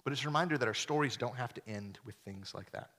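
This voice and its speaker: Bright-voiced young male pastor preaching. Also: mid-range voice, fast talker. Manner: casual, animated preaching with slang asides and acted-out quotes. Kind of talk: sermon. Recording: long hall reverb.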